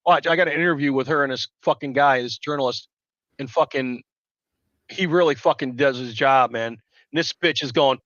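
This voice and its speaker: A man rambles through a live stream, loud and foul-mouthed. His voice is forceful and a bit high, and the sound is dull and dry, like a lo-fi mic. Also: brisk, no room sound. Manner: loud, rambling, swears constantly. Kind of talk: profane casual storytelling chat.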